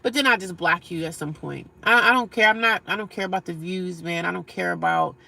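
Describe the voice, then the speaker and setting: A woman livestreaming, reading and answering chat comments in a blunt, profane, animated way and laughing often. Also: fairly low pitch, brisk, gravelly.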